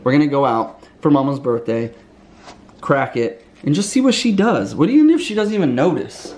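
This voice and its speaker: A man filming a family vlog, excited and laughing as he talks to viewers on a handheld camera at home. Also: mid-range voice, moderate pace. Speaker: family vlogger.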